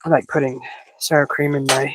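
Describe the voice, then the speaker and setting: A woman hosting a casual cooking livestream, chatting while she cooks, breathing a little heavily and breaking into excited squeals. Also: moderate pace, background noise. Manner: chatty, improvising, bursts into excited high squeals greeting chat.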